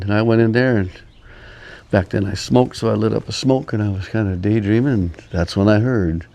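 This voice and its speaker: An older man tells his stories in a loose, meandering way, pausing often and chuckling between them. His voice sits low and has a gravelly edge. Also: warm tone. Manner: meandering, chuckling, many pauses. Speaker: storyteller. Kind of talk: casual storytelling.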